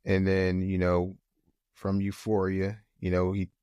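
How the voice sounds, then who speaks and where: A man with a lowish voice co-hosts a podcast in loose, casual chat. He circles back on his words with plenty of fillers and builds to heated, emphatic bursts. The sound is dry, with little room. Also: monotone, unhurried, darkish tone, clean tone, no echo. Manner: heated, rising to emphatic outbursts; loose, repetitive phrasing with many fillers. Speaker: podcast co-host.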